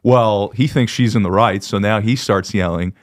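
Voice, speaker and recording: A stand-up comedian, a man, chatting casually on a podcast, telling animated stories and laughing often. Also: on the low side, normal speed, dry recording, studio quality.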